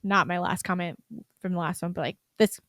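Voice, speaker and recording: A woman's voice: on the low side, steady tone, brisk, fairly bright tone, dry recording. Chatty woman podcast host, dry sound. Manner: chatty, heavy use of "like" fillers. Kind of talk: casual chat.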